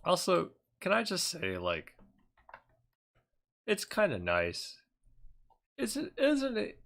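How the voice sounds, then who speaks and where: A man's voice: high-pitched, huge pitch swings, slow pace, vocal fry, fairly bright tone. Sarcastic man rambling on a stream. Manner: sarcastic, rambling, laughs often. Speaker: streamer reacting to a speech. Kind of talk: casual live-stream commentary.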